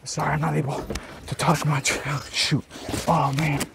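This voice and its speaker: A young man rambling through a flustered, hurried goodbye in a comedic vlog. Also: a little high, little pitch movement, vocal fry, background noise.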